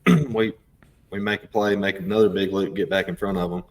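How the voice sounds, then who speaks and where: A man's voice: sits low, steady tone, a little fast. A man who jumps in to tell a hunting story in short, clipped bursts. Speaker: podcast co-host. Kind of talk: casual storytelling chat.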